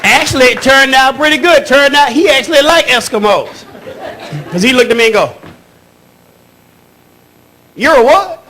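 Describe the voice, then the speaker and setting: A male stand-up comedian who tells stories with animation and shouts his punchlines. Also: very high-pitched, animated, brisk, crowd noise.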